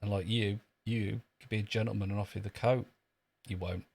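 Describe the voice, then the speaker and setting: A man's voice: fairly low pitch, steady tone, fairly quick, creaky, darkish tone, breathy edge. A man chatting dryly and sarcastically on a live stream from an outdoor queue. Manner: dry, sardonic, joking. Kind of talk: casual live-stream chat.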